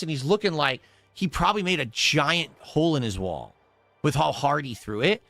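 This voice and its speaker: A man in casual chat, rambling through an animated story as a podcast co-host. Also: a little high, moderate pace, vocal fry.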